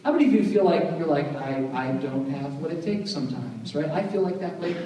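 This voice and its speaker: A man's voice: on the high side, lively intonation, a little fast, mellow. A man preaching a sermon as pastor, conversational and joking, often checking in with "right?". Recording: echoey hall, voice from far off.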